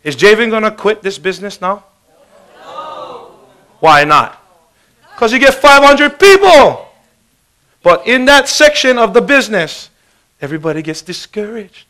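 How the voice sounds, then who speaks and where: A man giving an energetic, joking motivational sales talk. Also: sits high, a little slow, long pauses. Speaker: business presenter.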